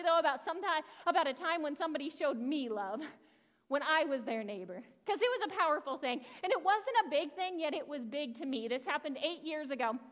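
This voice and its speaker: High, bright woman preaching in a church. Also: in a large hall. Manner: talks fast and animated, storytelling to the congregation. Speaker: pastor. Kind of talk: sermon. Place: church sanctuary.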